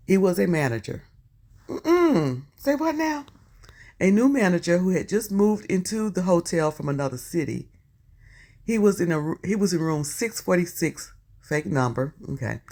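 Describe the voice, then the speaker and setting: A YouTube commentator with a Southern US accent and a lowish, darkish voice reads posts aloud for her channel. She keeps breaking in with chatty asides and exclamations.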